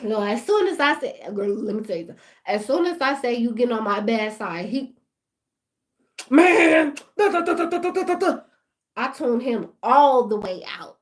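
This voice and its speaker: High-voiced woman telling a lively story. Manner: animated, laughing, talks straight to viewers. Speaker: vlogger. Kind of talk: casual storytime rant.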